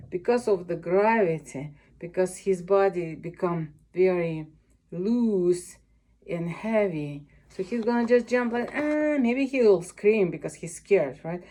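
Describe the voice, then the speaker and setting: A woman's voice: mid-range voice, mellow. Encouraging piano teacher, Russian-accented woman. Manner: encouraging, with vivid imagery and sing-song cues. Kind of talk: coaching a young child at the piano.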